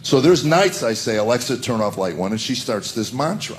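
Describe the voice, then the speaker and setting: A man's voice: medium pitch, sing-song, fairly quick, slight background noise. A man from rural Tennessee, telling folksy stand-up stories and acting out voices. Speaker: stand-up comedian. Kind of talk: stand-up storytelling.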